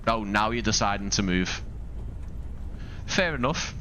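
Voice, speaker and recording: A man's voice: lowish voice, expressive, a little slow, pushed and bright, slight background noise. A man from Liverpool with a Scouse accent, chatting casually while live-streaming a flight simulator, rambling and thinking aloud with asides to his viewers. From Liverpool, England.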